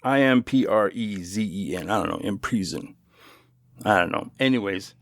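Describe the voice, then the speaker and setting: A man's voice: on the low side, lively intonation, brisk, vocal fry, no echo, studio quality. A middle-aged man hosting his own podcast, telling a story in a loose, chatty way with swearing and asides. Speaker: podcast host. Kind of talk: casual storytelling monologue.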